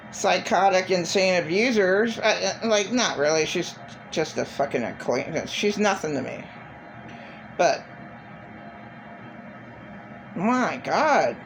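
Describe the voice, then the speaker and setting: A woman's voice: lowish voice, a little hiss or hum, low-quality recording. A middle-aged woman vlogging in a blunt, profane, repetitive rant. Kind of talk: casual monologue.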